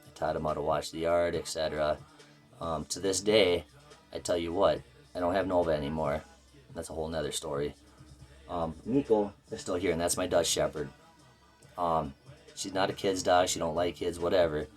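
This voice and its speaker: Man, very low voice, blunt, profane, rambling vlog story, faint music behind. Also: steady tone, normal speed. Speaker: vlogger. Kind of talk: casual storytelling to camera.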